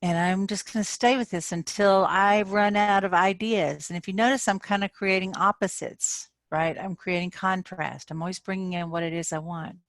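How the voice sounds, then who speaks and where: A woman's voice: medium pitch, normal speed, hardly any pauses, no room sound. A woman coach giving an informal talk to her members in an online session, speaking conversationally and often checking in with "okay?". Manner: animated when acting out frustration. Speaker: manifestation coach.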